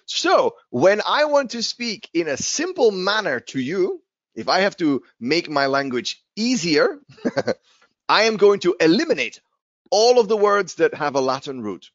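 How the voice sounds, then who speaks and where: Lively male English teacher, dull dry sound. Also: sits high, measured pace, no room sound. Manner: animated, repeats key words, slips in Spanish asides. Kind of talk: informal language lesson.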